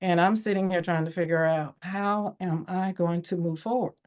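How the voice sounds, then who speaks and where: Woman with a low voice telling her story candidly. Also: normal speed. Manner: candid, reflective, animated when quoting others. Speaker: podcast guest. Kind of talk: personal storytelling interview.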